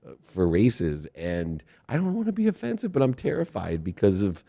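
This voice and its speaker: A man's voice: lowish voice, wildly swooping pitch, moderate pace, vocal fry, mellow. A middle-aged man from Ohio hosting an interview, rambling and self-deprecating, often laughing. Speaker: interview host. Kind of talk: casual interview conversation.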